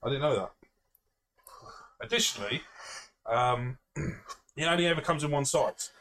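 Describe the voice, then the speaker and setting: A man's voice: a little high, unhurried, a bit bright. A man, a podcast co-host, telling a rambling self-mocking story in casual chat, swearing freely and laughing often.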